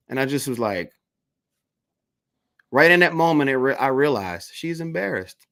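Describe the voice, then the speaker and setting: A man hosting a video-call interview, telling a story in a casual, animated way and acting out the people in it. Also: medium pitch, normal speed, pauses often. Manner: animated, acts out the voices in his stories.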